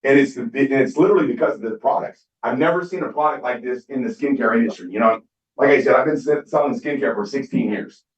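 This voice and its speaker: A man's voice: medium pitch, fast talker. A middle-aged man giving a motivational business talk on stage, telling stories and acting out quoted dialogue. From Southern California. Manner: storytelling, acts out quoted dialogue. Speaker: skincare business speaker. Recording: distant, echoey, dull hall recording.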